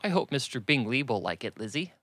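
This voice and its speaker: A man's voice: medium pitch, sing-song, fairly quick, a bit bright, dry recording. A man voicing a wry, teasing middle-aged father with a dry manner.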